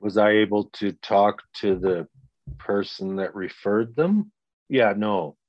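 A man's voice: fairly low pitch, slow, no room sound, muffled recording. A man in his sixties, a grieving father giving a blunt, profane interview and acting out the people he quotes. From Canada. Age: 60s. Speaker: guest, victim's father. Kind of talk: candid interview.

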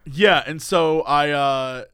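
A man co-hosting a podcast, animated and exclaiming, laughing often in casual chat. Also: a little high, slow pace, clean tone, dry recording, studio quality. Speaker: podcast co-host.

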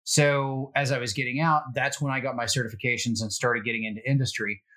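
A middle-aged man telling security anecdotes in a relaxed, self-deprecating way, with plenty of fillers. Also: medium pitch, quick pace. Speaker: security guest. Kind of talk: casual storytelling.

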